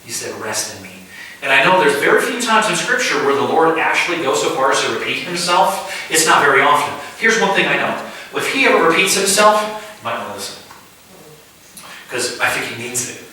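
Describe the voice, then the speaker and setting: A man preaching at a house church, telling a dream story in vivid first person with halting restarts. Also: fairly high pitch, very animated, sharp tone. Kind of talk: conversational sermon storytelling. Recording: echoey room, distant mic.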